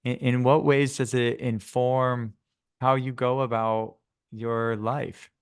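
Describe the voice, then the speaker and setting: A man hosting an interview, asking gentle, encouraging questions. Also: medium pitch, flat delivery, takes it slowly, smooth. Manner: gentle, encouraging questions with frequent murmured agreement. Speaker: podcast host.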